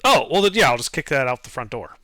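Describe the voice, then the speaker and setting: A man playing a tabletop game, talking in a lively, hesitant way with many fillers. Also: mid-range voice, quick pace, no room sound. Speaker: player.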